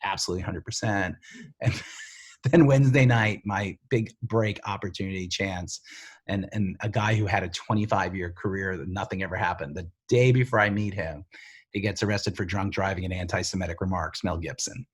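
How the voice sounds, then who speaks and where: A middle-aged man, a TV writer and showrunner, telling stories in a casual interview, lively and full of fillers, acting out the voices of other people. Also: sits low, fairly quick, husky. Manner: animated, filler-heavy storyteller who acts out quoted voices.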